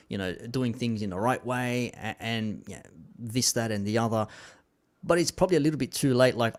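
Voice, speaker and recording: Laid-back guy hosting a commentary chat, reading comments, keeps saying "man". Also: on the low side. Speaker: commentary show host.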